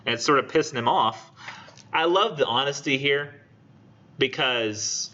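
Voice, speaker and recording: A man teaching a college literature class in a casual, animated way, acting out quoted lines. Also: medium pitch, a little slow. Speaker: college English instructor. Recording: dull lo-fi classroom recording.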